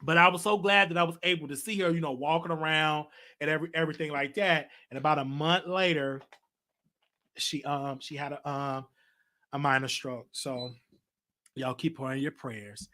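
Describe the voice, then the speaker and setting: A man's voice: on the high side, fairly even intonation, moderate pace, bright, forceful tone. Candid man venting on his stream. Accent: Southern US. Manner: candid personal venting, many restarts. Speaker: show host. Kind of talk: livestream talk show monologue.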